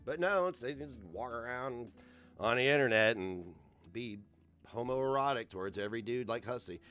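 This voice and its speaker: A man's voice: mid-range voice, moderate pace, a bit bright, clean tone, soft background music. A man ranting sarcastically in a reaction commentary, mocking and swearing freely. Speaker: commentary streamer.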